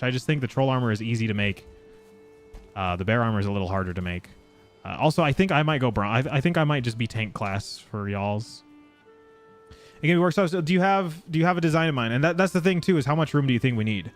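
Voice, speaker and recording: A male game streamer chatting casually with his chat as he plays. He gets excitable and swears freely, and his voice sits at an ordinary middle pitch. Faint game music plays underneath. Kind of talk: casual live gameplay chat.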